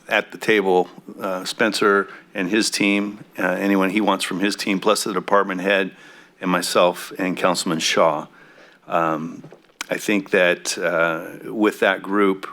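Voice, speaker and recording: A man on a city council giving remarks at a public meeting, speaking haltingly with many fillers, his voice a bit throaty. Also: deep voice, pushed and bright. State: throaty coffee voice.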